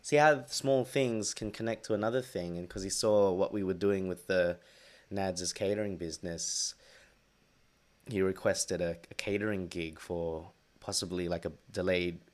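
Man, very deep voice, podcast co-host, rambling casual chat, playful. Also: fairly even intonation, normal speed. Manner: rambling, playful, restarts words.

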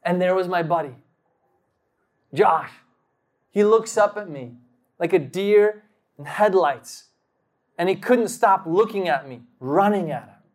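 Delivering a sermon, this man tells a personal story at a slow, dramatic pace, voicing the quotes and breaking abruptly into loud outbursts. He sounds animated, his voice pitched high.

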